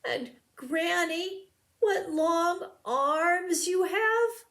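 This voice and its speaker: A sweet, polite little girl, as a woman reading aloud puts her on. The voice is pitched high and comes out breathless and innocent, with words unhurried and carefully spoken. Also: fairly bright tone, full character voice. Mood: wondering.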